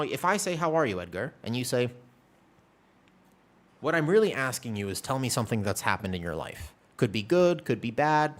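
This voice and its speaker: Rambling, lively-pitched male streamer. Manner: rambling, self-deprecating, swears casually. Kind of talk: casual stream chat.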